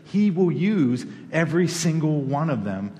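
A man's voice: on the high side, sing-song, measured pace, darkish tone. Man, pastor, sermon, conversational with emphatic peaks, church hall with long reverb.

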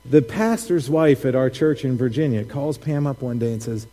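Animated man preaching in a reverberant hall. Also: mid-range voice, moderate pace, few pauses. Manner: animated, laughing storyteller acting out quotes. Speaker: pastor. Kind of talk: sermon with personal storytelling. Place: church sanctuary.

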